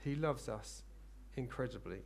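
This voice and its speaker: A man preaching a sermon, earnest and rambling, rising into fervent excitement. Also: mid-range voice, a little slow, a little hiss or hum.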